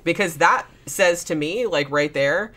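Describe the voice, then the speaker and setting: A woman co-hosting a casual podcast chat, hoarse from a cold, blunt and quick to swear and laugh. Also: sits low, fairly bright tone. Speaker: podcast co-host.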